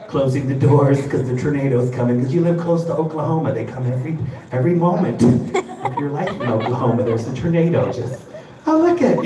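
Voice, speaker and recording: A Chicago man with a medium-pitched voice does a rambling stand-up set on a live comedy stage, restarting lines and acting out characters. The recording is echoey with a distant mic, and the crowd's laughter fills the noisy background.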